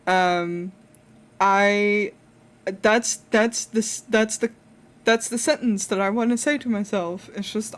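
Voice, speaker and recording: A young woman talks slowly and unhurriedly into a desk mic on a live art stream. She rambles along with many fillers and restarts, breaking into laughter often, at a middle pitch. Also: fairly even intonation. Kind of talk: casual chat while drawing on a live stream.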